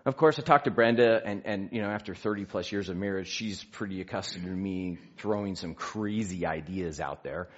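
A man in his fifties giving a personal testimony in church, an animated storyteller who acts out conversations and pokes fun at himself. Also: low-pitched, moderate pace, few pauses, lo-fi sound. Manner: animated storyteller, acts out dialogue, self-mocking. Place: church sanctuary.

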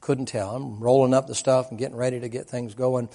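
A preacher with a gravelly, creaky voice tells his story in a loose, folksy way. He keeps adding "man" and "boy" as he paints each scene. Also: medium pitch, little pitch movement, fairly quick, warm tone. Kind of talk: storytelling sermon.

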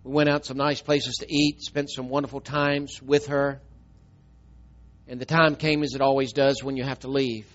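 A middle-aged man, preaching a storytelling sermon and swinging from emphatic, loud telling to a soft, tearful hush. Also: mid-range voice, level tone, normal speed, lo-fi sound.

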